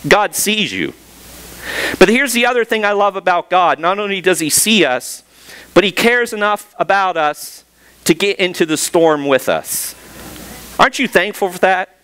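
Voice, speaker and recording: A middle-aged man preaching a sermon in a smooth, clear voice that sits high for a man. He tells a childhood story, slows down hard on the key phrases and keeps asking the congregation rhetorical questions. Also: fairly bright tone. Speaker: pastor.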